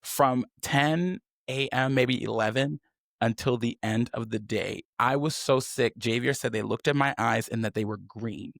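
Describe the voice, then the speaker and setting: A man hosting a podcast, telling a personal story in candid chat and acting out the people he quotes with sudden high voices. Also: measured pace, gravelly, dry recording, clean studio sound. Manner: animated, swings into high mocking voices when quoting. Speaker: podcast host.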